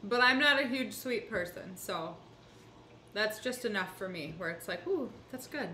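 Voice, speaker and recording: Laid-back woman co-host, echoey noisy kitchen. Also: medium pitch. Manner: relaxed, measured, thoughtful comments. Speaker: cooking show co-host. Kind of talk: casual chat while tasting food. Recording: echoey room with background noise.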